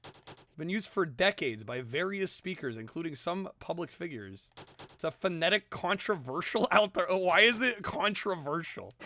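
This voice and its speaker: A male streamer chatting casually with his viewers, animated and argumentative, laughing often and swearing now and then. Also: sits high, normal speed, a little hiss or hum. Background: background music.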